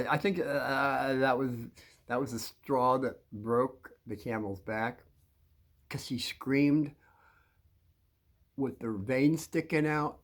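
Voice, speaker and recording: An older man telling a rambling personal story, halting with many restarts and chuckles. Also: mid-range voice.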